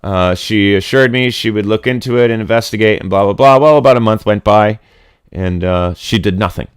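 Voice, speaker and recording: A man's voice: lowish voice, a little fast, clear, resonant tone, no echo, clean studio sound. A middle-aged man from Connecticut, hosting a casual livestream chat, rambling and swearing bluntly as he rants. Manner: blunt, rambling, profane ranting. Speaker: livestream host.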